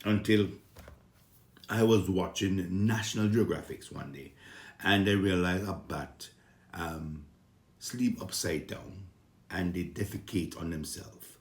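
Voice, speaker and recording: Deep-voiced Vincentian man. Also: takes it slowly, echoey room. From Saint Vincent. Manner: earnest, heated at times, with many fillers and restarts. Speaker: comedian. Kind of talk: casual talk about his upbringing.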